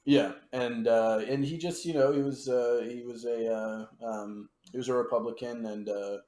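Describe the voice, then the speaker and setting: Halting podcast co-host man. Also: mid-range voice, steady tone, warm tone. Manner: halting, many fillers and restarts. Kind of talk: casual storytelling chat.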